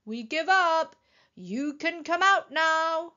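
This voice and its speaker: Woman playing a bright, patient patchwork elephant. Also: high-pitched, big pitch swings, unhurried, highs cut off, pitched above the performer's own voice, full character voice. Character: cheerful clever male patchwork elephant.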